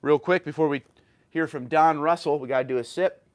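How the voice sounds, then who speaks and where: A man's voice: fairly high pitch, fairly quick. A man in his thirties hosting a casual livestream, reading viewer chat messages aloud and answering them, a little tired and stumbling over words now and then. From New York. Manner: chatty, reads chat messages aloud and replies.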